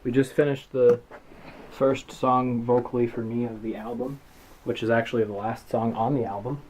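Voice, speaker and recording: A band vocalist chatting casually in a recording studio, narrating to the camera with deadpan jokes. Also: male voice, mid-range voice, moderate pace, a little hiss or hum, rough recording.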